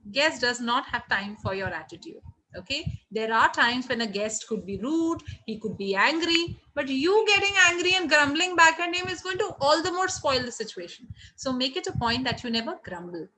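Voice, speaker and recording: A middle-aged woman with an Indian English accent, running a live online hospitality training session, energetic and encouraging as she reads out the chat. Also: high voice, normal speed, low-quality recording. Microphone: video call.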